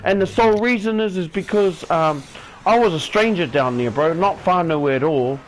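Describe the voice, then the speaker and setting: A young New Zealand man spins a laid-back story, his voice sitting a little higher than most men's. He drops "bro" into nearly every line and acts out the other people in the tale. A faint hum of ambience sits behind him. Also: moderate pace, poor audio. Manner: relaxed, says "bro" constantly, acts out quoted voices. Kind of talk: casual storytelling chat.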